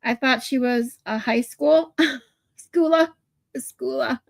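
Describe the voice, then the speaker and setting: A woman's voice: fairly high pitch, slow, vocal fry, dry recording. A woman hosting a casual livestream, talking to her chat in a chatty way and laughing easily. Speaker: livestream host.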